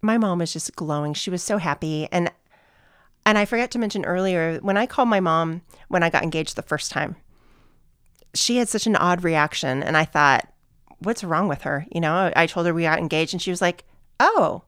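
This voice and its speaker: A middle-aged woman telling a personal story in casual chat, chatty and warm, laughing often. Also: on the low side, fairly quick, smooth, no room sound, studio quality. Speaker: guest.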